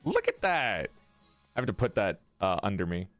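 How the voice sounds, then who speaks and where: A man's voice: lowish voice, huge pitch swings, moderate pace, a bit bright, dry recording, soft background music. A man chatting casually on a live stream while playing a tabletop game, laughing often and talking to his viewers.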